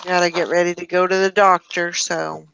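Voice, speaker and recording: A woman hosting a casual group chat on a live call, talking in a relaxed, rambling way with plenty of fillers. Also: fairly low pitch, normal speed, vocal fry, highs cut off, a little hiss or hum. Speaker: host.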